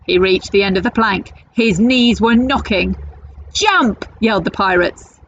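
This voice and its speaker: A woman teacher reading a picture book aloud to children, with expressive storytelling. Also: mid-range voice, moderate pace, muffled recording, slight background noise.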